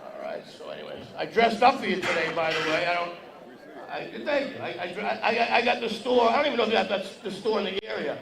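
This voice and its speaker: Brash comic with a gravelly high voice. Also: male voice, fairly quick. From Massachusetts. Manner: brash, profane, teasing the audience. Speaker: stand-up comedian. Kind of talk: stand-up with crowd work. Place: breakfast event hall with audience. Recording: echoey hall, distant mic, crowd noise.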